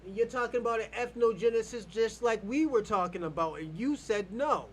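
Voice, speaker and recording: A man's voice: high voice, a little fast, slight background noise. An American man hosting an online show, arguing bluntly and profanely in a heated live debate. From United States.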